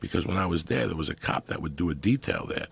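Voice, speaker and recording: A middle-aged man telling profane comic stories in a loud, animated way. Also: deep voice, fast, creaky. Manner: loud animated storytelling with heavy swearing. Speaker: podcast guest storyteller. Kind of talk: profane comedic storytelling.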